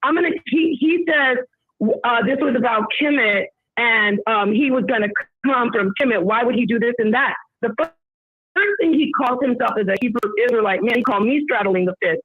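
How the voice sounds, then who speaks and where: A woman's voice: a little high, normal speed, breathy edge, no echo. A woman in a heated call-in debate, insistent and pushing to be heard, quoting scripture as she argues. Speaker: debate guest. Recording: tinny phone line.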